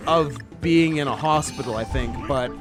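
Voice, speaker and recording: A man's voice: mid-range voice, normal speed, music in the background. A man co-hosting a casual comedy podcast, wry and joking, often laughing through his lines. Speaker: podcast co-host.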